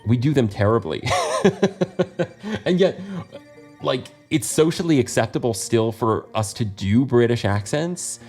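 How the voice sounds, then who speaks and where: An American man gives casual commentary as he plays through a video game. He is chatty and quick to laugh at himself, with a voice at an ordinary middle pitch. Soft game music runs behind him. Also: animated. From United States. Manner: chatty, laughs often, self-deprecating asides. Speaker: let's play host.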